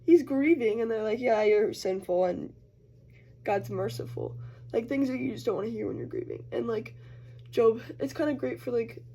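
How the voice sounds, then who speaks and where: A young college student talks a little fast in a fairly high, warm voice with vocal fry, slight background noise behind her. She's doing a chatty get-ready-with-me vlog, using "like" constantly and acting out quoted voices.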